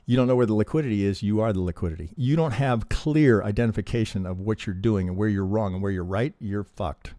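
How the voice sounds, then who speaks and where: Male trading coach on a stream, low mellow voice, swears freely, dry close sound, keeps checking "right?". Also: fast talker, few pauses, no room sound. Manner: profane, emphatic, acts out trader reactions, keeps asking "right?". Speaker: trading teacher reviewing charts on a live stream. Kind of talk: animated live-stream chart analysis.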